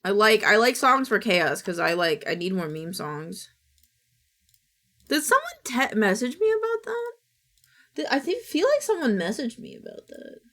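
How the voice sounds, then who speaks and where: Young American woman, live streamer, bright voice, chatty and excitable, casual cursing. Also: a little high, moderate pace. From United States. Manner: chatty, excitable, swears freely, reads and answers chat.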